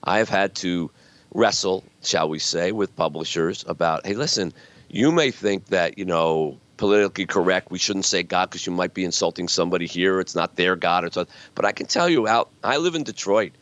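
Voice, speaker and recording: A man's voice: low-pitched, moderate pace, a bit bright. A man in his sixties, a guest author telling stories earnestly and reflectively in a conversational interview. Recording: dull lo-fi sound.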